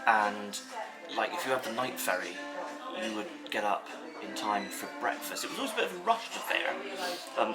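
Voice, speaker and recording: Man, food vlogger, casual rambling chat, hotel dining room, loud music behind. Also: lowish voice. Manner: chatty, rambling, enthusiastic about food.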